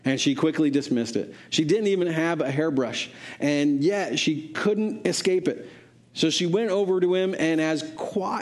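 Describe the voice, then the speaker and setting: Man preaching a sermon story. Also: darkish tone. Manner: acts out quoted voices, pitch rising for characters.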